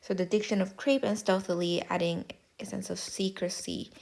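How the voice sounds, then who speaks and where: A woman tutor giving a measured, clear, step-by-step explanatory voice-over lesson. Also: medium pitch, fairly even intonation, darkish tone.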